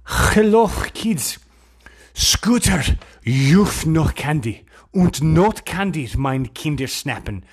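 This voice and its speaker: A man voicing a stern male Easter bunny who judges naughty children, in a mock German accent and a high comic voice. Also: very animated, slow pace, slightly rough, full character voice. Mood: scolding. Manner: scolding, mangled pseudo-German.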